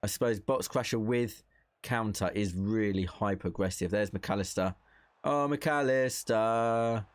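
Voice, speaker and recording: A man's voice: lowish voice, steady tone, moderate pace, a little mellow, dry recording. A young man giving casual gameplay commentary, thinking aloud in a chatty way and reacting to the play as it happens. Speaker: gaming content creator.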